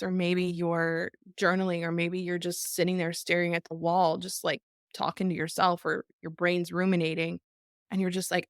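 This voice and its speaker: A woman's voice: on the low side, flat delivery, moderate pace, no echo. Earnest, emphatic woman host, dry sound. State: tearful. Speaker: podcast host. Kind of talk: reflective live talk to an online group.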